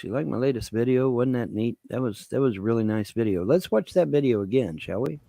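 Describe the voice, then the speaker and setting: A man's voice: medium pitch, lively intonation, a little fast, gravelly, few pauses, mellow, dry recording. A man ranting to his viewers as a vlogger, swearing, repeating himself and asking rhetorical questions. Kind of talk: rambling political rant to camera.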